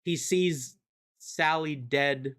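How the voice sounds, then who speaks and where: A man's voice: a little high, very slow, fairly bright tone, clear, resonant tone. A man on a live stream giving a rambling, profane, casual recap of a comic series. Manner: rambling, profane and chatty, with many fillers. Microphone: streaming mic.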